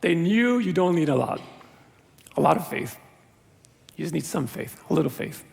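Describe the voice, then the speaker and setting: High-voiced, gravelly male pastor preaching. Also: sing-song, moderate pace, a little mellow. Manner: earnest, conversational preaching with self-deprecating humor. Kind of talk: sermon. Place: large church sanctuary. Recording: long reverb of a church hall.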